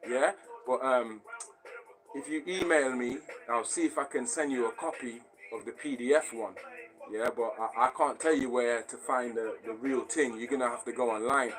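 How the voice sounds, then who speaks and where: A man's voice: mid-range voice, normal speed, rough recording. A man hosting a live stream, talking casually and bluntly to his viewers, swearing often and asking again and again whether they understand. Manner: blunt and profane, often asks if you understand.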